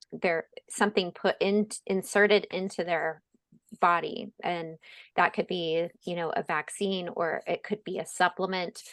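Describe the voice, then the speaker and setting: A woman's voice: on the low side, clear, resonant tone, no echo. A woman speaking at a webinar in a casual, earnest way, with frequent fillers and restarts. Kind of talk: presentation at a webinar.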